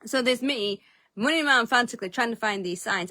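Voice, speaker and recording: A woman's voice: fairly high pitch, brisk, sharp tone, dry recording. A woman telling a story as a vlogger in casual chat, self-mocking and swearing freely. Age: adult, eldest of three siblings.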